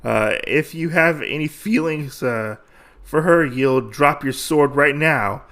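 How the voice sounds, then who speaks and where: A man's voice: a little high, takes it slowly, a bit bright. A man voicing a cold male sword assassin who taunts while holding a hostage, retold loosely in a comic recap. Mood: taunting.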